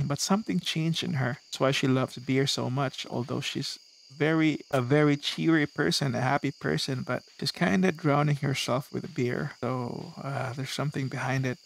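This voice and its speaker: A man's voice: medium pitch, fairly even intonation, normal speed, gravelly, a little hiss or hum. A man giving casual, self-deprecating let's-play commentary, chatty and rambling. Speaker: gaming video host.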